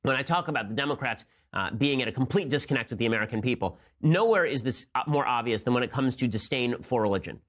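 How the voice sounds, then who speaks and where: A man rattles through a political monologue at a rapid clip, sardonic and argumentative. His voice sits in an ordinary middle pitch, and he speaks as the show's host. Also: lively intonation. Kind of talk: fast opinion monologue.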